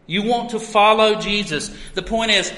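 A man delivers a sermon with earnest emphasis and pointed rhetorical questions. His voice sits high and bright. It rings through a roomy church with a long, lingering reverb. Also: moderate pace. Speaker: preacher. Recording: echoey hall with long reverb.

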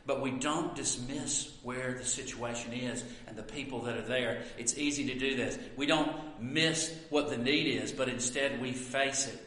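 A man preaching a sermon, swinging between loud emphatic lines and hushed asides. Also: mid-range voice, fairly even intonation, moderate pace, hardly any pauses, roomy sound, in a large hall, a little hiss or hum. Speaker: pastor.

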